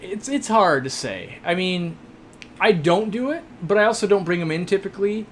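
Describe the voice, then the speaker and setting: Young male live-stream host, a bit high-voiced, loose and jokey with lots of "uh"s, faint hiss behind. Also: animated, normal speed. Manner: chatty, joking, rambling with many fillers. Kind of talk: casual live-stream chat, reading viewer questions.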